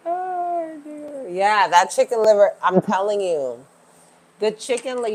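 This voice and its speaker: A woman's voice: medium pitch, expressive, slow, a little mellow. A woman hosting a casual livestream from home, chatting with viewers and laughing often. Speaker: livestream host.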